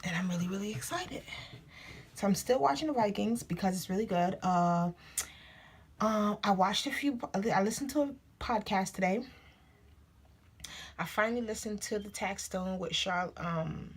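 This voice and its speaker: At home indoors, a woman chats candidly for her vlog, offering blunt opinions and slipping into whispered asides. Her voice is medium in pitch with a breathy edge, and she talks at a normal speed with frequent pauses.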